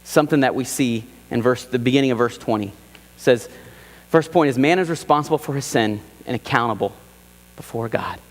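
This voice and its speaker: A male pastor preaching a sermon in a church, animated and emphatic, repeating key phrases and acting out quoted lines. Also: medium pitch, a little fast, big-room sound. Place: church sanctuary.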